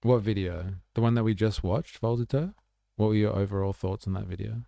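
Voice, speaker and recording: Gravelly, laid-back man. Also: on the low side, brisk, mellow, dry recording, clean studio sound. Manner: laid-back, swearing, rambling with lots of fillers. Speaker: livestream host. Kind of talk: casual livestream reaction reading chat.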